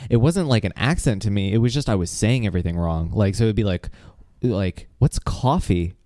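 A man from upstate New York, co-hosting a podcast in casual chat, chatty and quick to laugh. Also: on the low side, warm tone, no room sound, clean studio sound. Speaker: podcast co-host.

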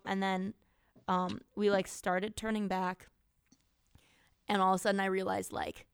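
A woman's voice: mid-range voice, expressive, measured pace, long pauses, clean tone. A young woman from Wisconsin, co-hosting a podcast and telling a story in casual chat with many fillers. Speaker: podcast co-host. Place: small home studio. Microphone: good studio mic.

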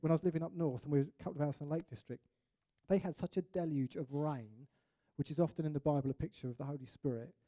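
A man preaching a sermon in an animated way, acting out little scenes and voices. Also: on the high side.

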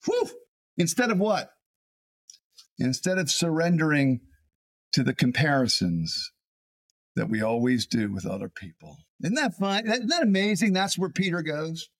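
A man, a pastor, preaching a sermon in an animated way, often repeating words as he builds a point. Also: fairly high pitch, unhurried, pauses often.

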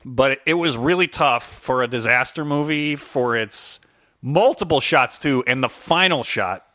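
Bright-voiced man chatting about a film. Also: mid-range voice, unhurried, no room sound, clean studio sound. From Chicago area, USA. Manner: conversational, acts out characters in quotes. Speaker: podcast co-host. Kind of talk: casual movie review chat.

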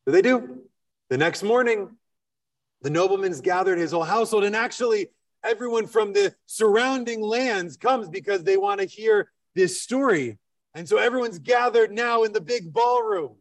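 A man who is a rabbi, telling a story in a sermon in an animated way with fillers. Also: high-pitched, normal speed. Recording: distant mic.

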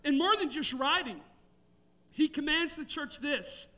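A middle-aged man, preaching a sermon with emphatic, drawn-out key words and storytelling. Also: extremely high pitch, expressive, pushed and bright, distant mic. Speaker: pastor.

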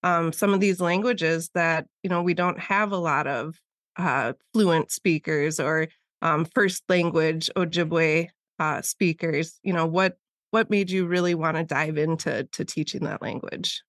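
A woman's voice: low voice, measured pace, no echo, studio quality. A woman hosting an interview, asking a long question hesitantly with many fillers. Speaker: host.

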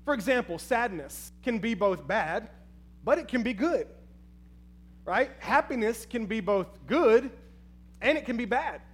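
Pastor, male, very high voice, lively storyteller who talks to the crowd. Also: measured pace, pauses often. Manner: animated storytelling, addresses the crowd as "y'all". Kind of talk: sermon with personal story.

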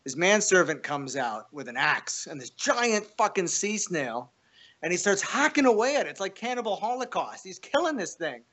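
Male guest, slightly high voice, profane raconteur who acts out every line. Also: big pitch swings, normal speed, fairly bright tone. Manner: profane, acts out quotes with pitch jumps. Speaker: guest telling a story. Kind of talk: animated storytelling.

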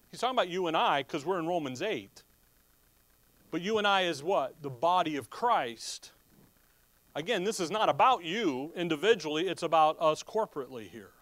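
A man's voice: high voice, dry recording. A man preaching a Bible teaching sermon who asks his listeners questions and answers them himself, with joking asides. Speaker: pastor.

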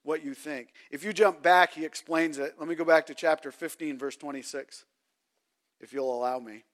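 A man's voice: a little high, steady tone, normal speed, a bit bright. A man preaching a sermon in a conversational way, often turning to quiz his listeners.

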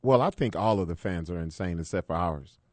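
A man's voice: sits low, lively intonation, fairly quick, a little mellow, no room sound. Joking man in casual sports chat. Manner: playful, joking reactions. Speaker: co-host.

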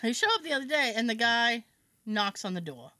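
A woman's voice: a little high, very animated, a little fast, noisy background. A woman podcast host chatting casually, acting out other people's lines while telling a story, poking fun at herself and swearing. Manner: self-mocking, swears casually. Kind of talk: casual chat.

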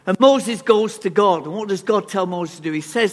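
A man delivers a sermon in a fairly high voice, emphatic and animated, tossing rhetorical questions to his congregation. His voice rings with the long reverb of a church hall. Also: normal speed, few pauses. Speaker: preacher.

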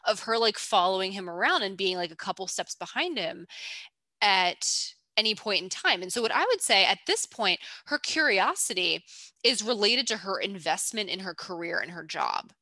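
Bright-voiced woman in casual analysis chat. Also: medium pitch, lively intonation, moderate pace, dry recording. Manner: chatty, playful, teasing. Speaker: podcast co-host.

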